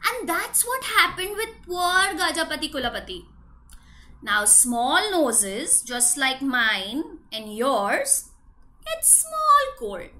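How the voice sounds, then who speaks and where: A woman, a preschool teacher telling a story to young children, animated and often asking them questions. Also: high-pitched.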